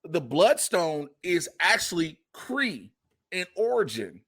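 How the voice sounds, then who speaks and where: A man hosting a podcast in casual chat, animated and profane, acting out quotes in funny voices. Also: a little high, slow pace, slightly rough. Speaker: podcast host.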